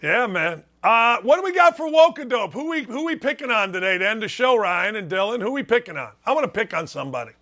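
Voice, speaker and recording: A man's voice: sits high, sing-song, fast talker, few pauses, sharp tone. A middle-aged man hosting a sports talk show, ranting emphatically with rhetorical questions. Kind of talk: opinionated sports talk commentary.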